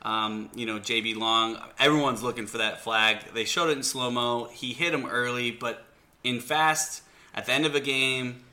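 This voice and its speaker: Man, very bright tense voice, casual sports chat, animated storytelling, podcast co-host. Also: medium pitch, moderate pace.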